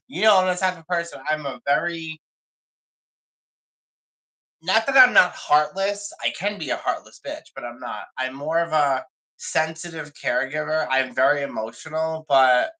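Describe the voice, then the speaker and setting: A man's voice: fairly high pitch, sharp tone, low-quality recording. Emotional man rambling on a livestream. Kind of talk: casual livestream chat.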